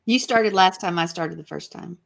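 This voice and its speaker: A woman's voice: fairly low pitch, normal speed, gravelly. A woman co-hosting a casual chat, with a dry, teasing way of reading out gags. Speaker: co-host.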